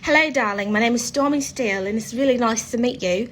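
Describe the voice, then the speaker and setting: A woman's voice: on the high side, fast, a bit bright, slight background noise, close to an everyday voice. Prim formal lady voice, as a southern woman puts it on, precise and polite. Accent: polished formal English, put on. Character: prim, well-spoken woman doing a polite introduction.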